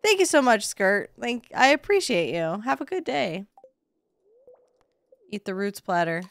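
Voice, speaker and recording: Young adult woman, let's-play streamer; slow, wry, chatty delivery with mild swearing; dry close mic. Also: mid-range voice, big pitch swings, creaky, no echo. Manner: chatty, sarcastic, swears, yelps when panicked. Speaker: streamer playing a farming game. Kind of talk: casual let's-play commentary to chat.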